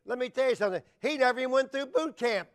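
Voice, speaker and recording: A middle-aged man preaching a sermon, emphatic and repetitive, building to shouted lines. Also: very high-pitched, lively intonation, fast. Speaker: pastor.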